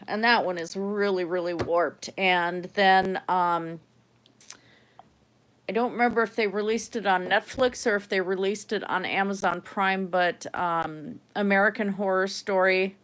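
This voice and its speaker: Her voice is fairly low in pitch with a fairly bright tone. She's a middle-aged livestream host with a Minnesotan accent, casually chatting while painting and rambling with many fillers and restarts.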